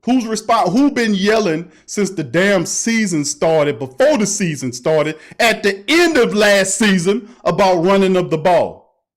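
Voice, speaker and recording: A man hosting a casual sports talk livestream, animated and emphatic, repeating himself and often laughing. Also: high-pitched, measured pace. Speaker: sports talk show host.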